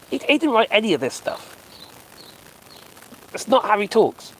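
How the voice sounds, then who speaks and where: High-voiced man mocking a speech live. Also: very animated, normal speed, pauses often, fairly bright tone, slightly rough, rough recording. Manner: sarcastic and mocking, swears and chuckles. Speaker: live streamer commenting on a speech. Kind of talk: casual live-stream commentary. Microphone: phone.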